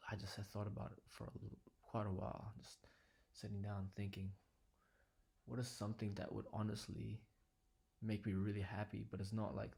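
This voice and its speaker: Low, gravelly, husky-voiced young man. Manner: quiet, low-key and earnest, sometimes dropping to a whisper. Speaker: vlogger. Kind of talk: reflective personal vlog. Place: living room at home.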